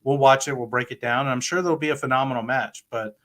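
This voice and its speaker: A man co-hosts a casual wrestling podcast, speaking earnestly and haltingly. His voice is bright and forceful, at a middle pitch. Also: fairly even intonation. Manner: earnest, hesitant, many fillers and restarts. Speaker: podcast co-host.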